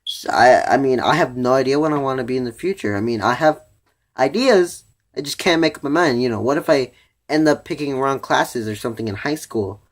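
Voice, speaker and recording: A teenage boy at a middle pitch talks casually through his thoughts in a review. He leans on "you know" and "like" throughout and often breaks off to restart a sentence. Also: a little fast. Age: teens. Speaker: vlogger reviewing a cartoon episode.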